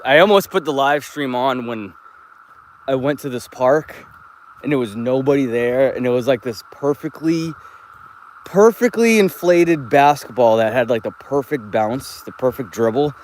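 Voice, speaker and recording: A man's voice: medium pitch, measured pace, slight background noise. Casual male streamer, mid-range voice, loose and rambling, walking outdoors on a phone mic. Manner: rambling, laid-back, swears freely. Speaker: live streamer. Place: outdoors, walking through a park and woods.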